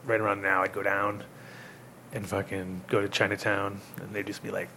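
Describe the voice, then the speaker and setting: A man's voice: fairly low pitch, completely flat delivery, normal speed, creaky, pushed and bright, slight background noise. A man from Rhode Island hosting a casual podcast chat, rambling through stories, swearing and acting out quotes. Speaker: podcast host.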